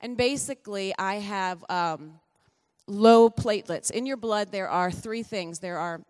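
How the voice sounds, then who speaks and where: Middle-aged woman, relaxed testimony at church, talkative and self-correcting, long hall reverb. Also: medium pitch, measured pace, smooth. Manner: chatty, self-correcting storyteller with light laughs. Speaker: pastor's wife giving a testimony.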